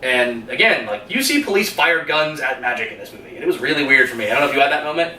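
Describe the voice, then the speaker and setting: Animated, swearing man reviewing a movie. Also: mid-range voice, fast talker. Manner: animated retelling, swears freely, laughs often. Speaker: podcast co-host. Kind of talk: casual movie review chat. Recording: roomy room, mic at a distance, faint hum.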